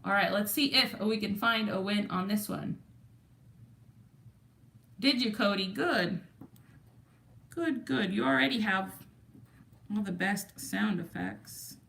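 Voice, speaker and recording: A woman's voice: medium pitch, slow, creaky, pauses often, fairly bright tone. A woman with a Texan accent hosting a livestream, chatting casually and greeting viewers from the chat. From Texas. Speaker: livestream host.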